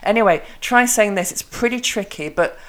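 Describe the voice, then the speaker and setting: Speaking in a mid-range, animated voice, this podcast host and English teacher keeps things casual as she works through tongue twisters with slow, crisp delivery.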